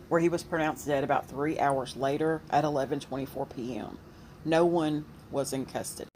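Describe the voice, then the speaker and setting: A woman YouTube commentator reading posts and a news item aloud, with soft asides in between. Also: deep voice, a little hiss or hum.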